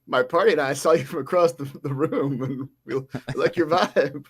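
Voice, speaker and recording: Husky, lively, higher-voiced man. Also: normal speed. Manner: playful, laughs often. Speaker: tabletop game player.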